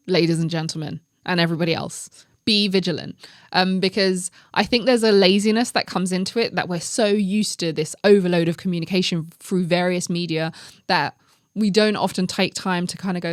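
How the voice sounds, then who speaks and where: A woman with a somewhat low voice hosts her own podcast. She tells stories in an animated, chatty way and drops in joking asides. Her sound is close and dry, with no room around it. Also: brisk, dry recording. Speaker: podcast host. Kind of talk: casual solo podcast talk.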